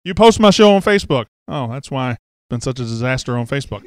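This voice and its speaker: A man's voice: medium pitch, animated, fast, smooth, no room sound. A man hosting a casual show, joking and teasing the crew as he rambles along. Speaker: host. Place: studio office.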